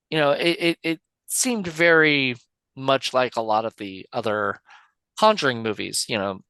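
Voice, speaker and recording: A man's voice: medium pitch, pushed and bright, clear, resonant tone, no room sound. A man co-hosting a podcast, talking about movies in a loose, rambling way with lots of filler words and casual swearing. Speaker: podcast co-host. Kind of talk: casual film chat.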